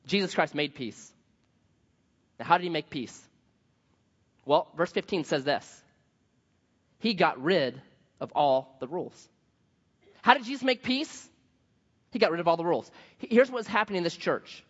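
A man preaching a sermon, telling a story in a lively way and acting out the voices of the people in it. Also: high voice, moderate pace, pauses often. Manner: animated storytelling, acts out quoted voices. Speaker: pastor. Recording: dull sound with long hall reverb.

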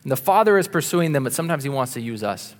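A man preaching a sermon, earnest and insistent, moving between punchy emphasis and quiet asides. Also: medium pitch, expressive, fast talker, long reverb tail. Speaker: pastor.

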